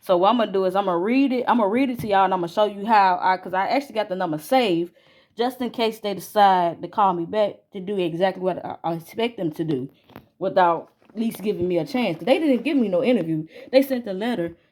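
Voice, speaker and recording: A woman's voice: mid-range voice, fast talker, darkish tone. Aggrieved woman in her thirties venting. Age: 30s. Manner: aggrieved and emphatic, repeats herself. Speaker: vlogger. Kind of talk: casual vlog. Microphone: phone camera.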